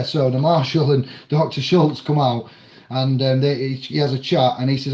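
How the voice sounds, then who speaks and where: A man casually recapping a film in a rambling, halting way, with many fillers and restarts. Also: medium pitch, steady tone, a little mellow. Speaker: film reviewer. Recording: dull lo-fi audio in an echoey room.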